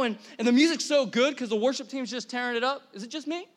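A pastor in his thirties preaching a sermon to a congregation, energetic and conversational, asking the room questions. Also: very high voice, fast talker. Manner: energetic, conversational, many restarts and audience questions. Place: church hall before a congregation.

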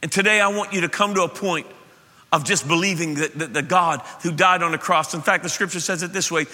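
A middle-aged male pastor preaches with impassioned emphasis, his voice a little high and very bright. The sound rings with the long reverb of a church hall. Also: steady tone, fairly quick. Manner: impassioned, emphatic preaching that swings from loud to soft. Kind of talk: sermon. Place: church sanctuary.

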